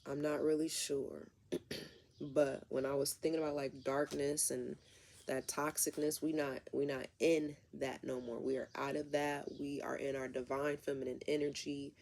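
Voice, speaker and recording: A woman's voice: very deep voice, level tone, normal speed, vocal fry, darkish tone, a little hiss or hum. A woman doing a casual tarot reading who rambles and talks straight to her viewers. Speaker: tarot reader.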